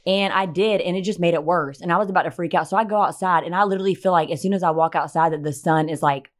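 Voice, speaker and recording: A young woman telling a personal story in casual, animated chat, swearing and acting out what people said. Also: on the low side, quick pace. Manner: animated, swearing, acts out quotes. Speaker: podcast guest telling a story.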